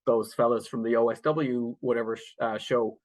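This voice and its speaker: A man's voice: mid-range voice, flat delivery, moderate pace. A man co-hosting a podcast, talking casually about films, rambling with many fillers and restarts and laughing often. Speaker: podcast co-host. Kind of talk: casual film review chat.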